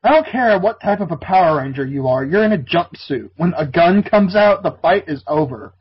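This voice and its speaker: A man's voice: a little high, expressive, moderate pace, breathy edge. A man co-hosting a comedy podcast, reading a story aloud with incredulous, profane asides. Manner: incredulous, profane, laughs often. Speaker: podcast co-host reading fan fiction. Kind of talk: comedic read-aloud with banter. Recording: dull lo-fi sound.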